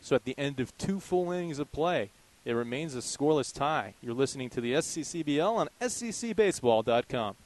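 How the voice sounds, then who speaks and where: A young man calling a college baseball game pitch by pitch in steady, descriptive play-by-play. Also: a little fast, few pauses, low-quality recording. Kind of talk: live baseball play-by-play commentary.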